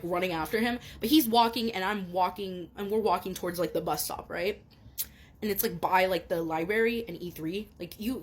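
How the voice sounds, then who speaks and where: A young woman student telling a story to the camera in a casual, rambling way, with lots of fillers and swearing, getting heated. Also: medium pitch. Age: young adult.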